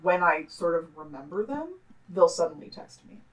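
A woman's voice: fairly low pitch, sing-song, normal speed, dull audio. A young woman in casual conversation, rambling with fillers and poking fun at herself. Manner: rambling, fillers, self-mocking. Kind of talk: casual chat.

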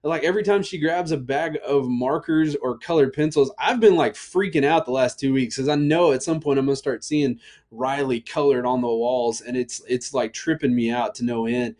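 A young man preaching casually to a youth audience, his voice sitting at an ordinary middle pitch. He talks in a loose, chatty way with frequent fillers, restarts and side notes. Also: steady tone, moderate pace, darkish tone. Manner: chatty, uses many fillers and asides. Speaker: youth pastor. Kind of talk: casual sermon.

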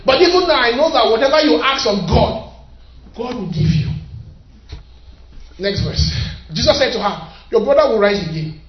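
High-pitched preacher, echoey hall. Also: male voice, expressive, normal speed, pauses often. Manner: emphatic, repeats phrases, shouts at peaks, reads scripture aloud. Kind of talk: sermon. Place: church hall. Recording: echoey hall, distant mic, dull sound.

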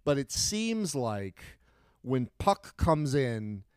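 A middle-aged man talks in a smooth, resonant voice, rambling through stories with restarts and bursts of excitement. The sound is dry and close, with no room around it. He sounds like a podcast co-host chatting loosely with a friend. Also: mid-range voice, drawn-out words, dry recording. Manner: animated, rambling storyteller with frequent restarts. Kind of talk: casual chat.

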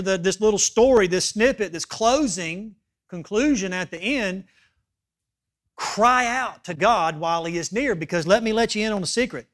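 A male pastor preaching a sermon, emphatic, dropping to hushed asides and rising to loud appeals, often checking in with "okay?". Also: high voice.

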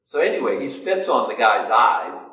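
A man's voice: fairly low pitch, normal speed. A man preaching a sermon in a loose, conversational way, asking himself questions and answering them. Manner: conversational, self-questioning, animated. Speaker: pastor. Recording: echoey room, mic at a distance.

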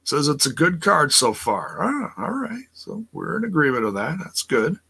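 Male stream host, crisp bright tone, casual rambling chatter with repeated words. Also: medium pitch, sing-song, moderate pace. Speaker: wrestling podcast host reading chat. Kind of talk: casual live-stream chat.

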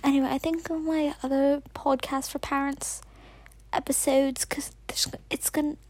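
A woman's voice: sits high, level tone, normal speed, darkish tone, no echo. A woman hosting a podcast in a put-on British accent, rambling nervously with whispered asides and self-corrections. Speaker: podcast host. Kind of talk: casual rambling monologue.

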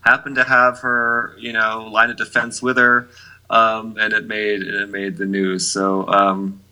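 A man's voice: lowish voice, flat delivery, unhurried, sharp tone, low-quality recording. A man co-hosting a music podcast in casual chat, talking in a chatty way with plenty of "um" and "you know". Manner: chatty, lots of fillers and restarts. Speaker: podcast co-host.

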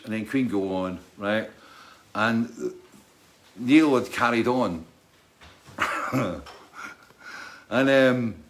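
A man's voice: lowish voice, slight background noise. A man who is a touring musician, telling a casual, rambling anecdote, keeps checking in with "right?" and laughing.

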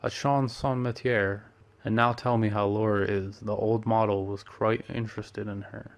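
A man's voice: fairly low pitch, level tone, moderate pace, vocal fry. A man voicing a worldly, amused male painter who teases his friend and drops French phrases.

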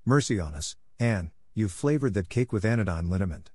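A man's voice: lowish voice, animated, fairly quick, a little mellow, husky, no echo, clean studio sound. A man reading the lines of a stern, practical older woman, curt and scolding.

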